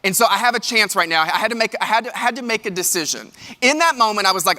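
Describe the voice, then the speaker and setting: High, bright-voiced man in a hall. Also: fast, hardly any pauses. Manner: animated storytelling, addresses audience directly. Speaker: keynote speaker. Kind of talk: motivational keynote. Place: large hall with live audience. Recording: long hall reverb.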